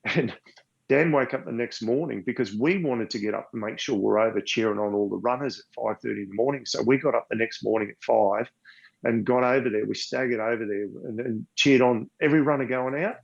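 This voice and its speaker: An older Australian man, appearing as a podcast guest, rambles through a long casual story, repeating words and sometimes getting emotional. His mid-range voice is gravelly and a little fast, and the recording sounds dull and lo-fi.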